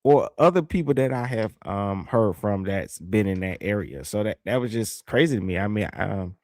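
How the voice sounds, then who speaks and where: A man's voice: on the low side, lively intonation, normal speed, a little mellow, no room sound, studio quality. A man hosting a livestream, telling a story in a laid-back, rambling way and reading viewer comments aloud. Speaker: livestream host. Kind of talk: casual livestream chat.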